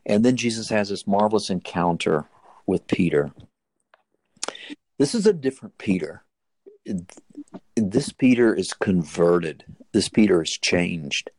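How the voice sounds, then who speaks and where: A man with a low, gravelly voice retells a scripture story in a sermon. He tells it earnestly, and his pitch jumps high whenever the story turns dramatic. The sound is close and dry, with no room echo. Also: lively intonation, measured pace, pauses often, a little mellow. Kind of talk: sermon-style Bible storytelling.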